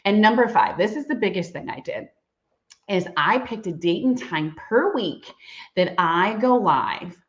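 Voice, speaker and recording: A middle-aged woman giving a live-streamed sales training, talking fast and chatty and calling her listeners girl and y'all. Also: mid-range voice, lively intonation, highs cut off. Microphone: computer mic on a live stream.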